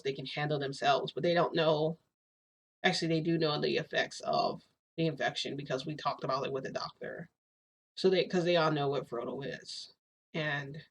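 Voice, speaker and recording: A woman vlogger telling a long story in a casual, excitable way. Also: sits low. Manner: excitable, chatty retelling full of "I'm like" and "freaking".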